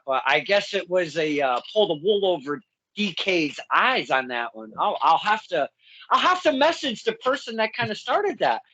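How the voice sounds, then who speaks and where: A man's voice: high voice, bright, forceful tone, dry recording, rough recording. A man hosting a casual interview, rambling and chatty with lots of fillers and self-corrections. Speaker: podcast host.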